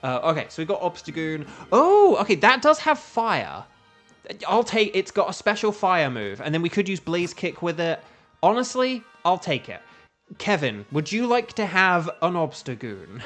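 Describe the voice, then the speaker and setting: A young man with an English accent talks loosely to his live chat as he plays, drifting between topics and humming little tunes under his breath. His voice sits a touch higher than most men's. Quiet game music plays behind him. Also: sing-song, moderate pace. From England. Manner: chatty, rambling, hums to himself while playing. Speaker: gaming streamer. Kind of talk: casual live-stream chat.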